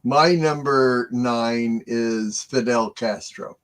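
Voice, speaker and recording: A middle-aged man co-hosting a casual chat show, talking in a halting way with many fillers and chuckles. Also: mid-range voice. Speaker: co-host.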